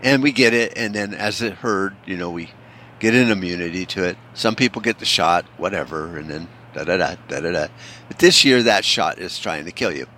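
A man's voice: low-pitched, fairly quick, bright, forceful tone, slight background noise. A man from the United States in a casual, profane rant, rambling and sarcastic, with frequent swearing and restarts.

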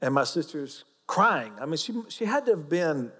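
A man's voice: on the high side, big pitch swings, moderate pace, bright, forceful tone, breathy edge, big-room sound. A man with an Oklahoma accent preaching a sermon, folksy and joking as he teaches. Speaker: pastor.

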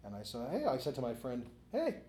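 A man's voice: medium pitch, huge pitch swings, brisk, warm tone, slight background noise. A middle-aged man, an author and interview guest, telling a long casual story, laughing often and using many "you know" fillers. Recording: roomy echo.

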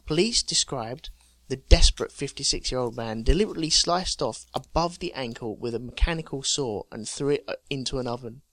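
A man's voice: medium pitch, lively intonation, brisk, hardly any pauses, fairly bright tone, no room sound. A man co-hosting a podcast, casually chatting and reading out odd news stories with a joking, storytelling manner. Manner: jokey storyteller, reading out news items with chuckles. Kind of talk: casual chat.

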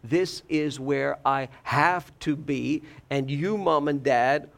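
A man voicing a self-assured twelve-year-old boy who calmly insists to his parents that he is where he belongs. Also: fairly high pitch, slow, creaky, full character voice. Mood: insistent. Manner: matter-of-fact, insistent.

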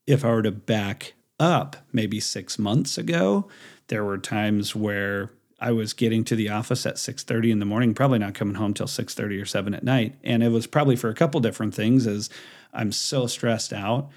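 A man's voice: on the low side, moderate pace, darkish tone. A man in his forties, a business owner, talking casually as a podcast guest, with a loose story-telling style full of restarts. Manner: rambling storyteller with many fillers and restarts. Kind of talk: casual interview talk.

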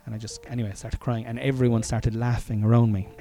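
A man's voice: medium pitch, little pitch movement, fast talker, dark tone. An Irish man telling a personal story in a casual monologue, frank and profane, chuckling often and wandering into asides.

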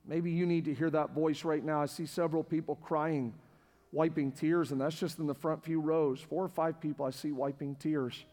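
A man preaching a sermon as pastor to a congregation in a church, passionate and repetitive, building to near-shouting. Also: on the high side, level tone, normal speed. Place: church sanctuary with live congregation. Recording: long hall reverb with faint music.

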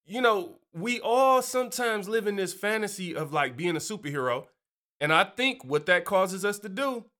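A man with a bright, lively voice gives a casual faith talk. He leaps up and down in pitch while he explains, chatty and animated. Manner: animated, chatty, keeps asking "you know". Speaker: Christian speaker.

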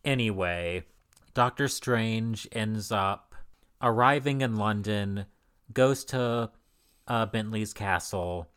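A man's voice: on the low side, slow pace, a bit bright, smooth. A man co-hosting a podcast, casually recapping an old comic with dry, sarcastic, profane commentary. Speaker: podcast co-host. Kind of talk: casual comic book discussion.

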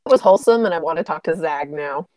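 A woman playing a tabletop game, talking briskly and casually. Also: deep voice, animated, dark tone, no echo. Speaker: player.

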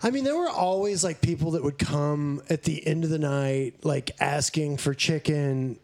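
A man's voice: on the high side, moderate pace, a little mellow. A man in casual podcast chat, telling laid-back stories full of fillers.

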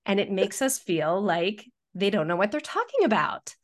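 A woman's voice: medium pitch, big pitch swings, moderate pace. A middle-aged woman, a workplace communication consultant, explaining practical speaking tips in a podcast interview.

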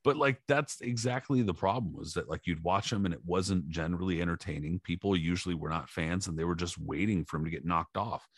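Low-voiced man telling a profane story. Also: a little fast, few pauses, slightly rough, dry recording, studio quality. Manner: profane animated storytelling, acting out shouted quotes. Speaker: podcast co-host. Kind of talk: casual podcast chat.

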